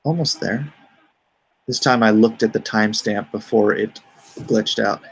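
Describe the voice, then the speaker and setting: A middle-aged man talks loosely through a live stream, with a gravelly, creaky edge to his voice. He rambles between topics and reads out his viewers' comments before replying to them. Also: lowish voice, measured pace. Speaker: comic artist hosting a live stream. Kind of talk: casual live-stream chat.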